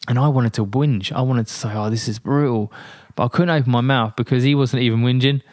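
A man telling a story as a podcast guest, animated and full of fillers and restarts. His voice sits in a middle pitch. The recording is dry and close. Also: quick pace, no room sound. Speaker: guest, veteran.

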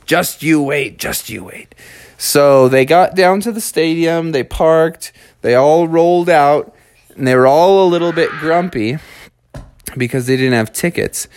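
A man's voice: fairly high pitch, measured pace, darkish tone, clean tone. A man telling a made-up story to children in a loose, chatty way, with slang and fillers.

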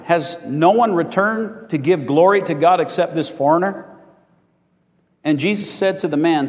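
A man's voice: a little high, normal speed, in a large hall. A male pastor preaching a sermon in a folksy way, asking for amens from the congregation.

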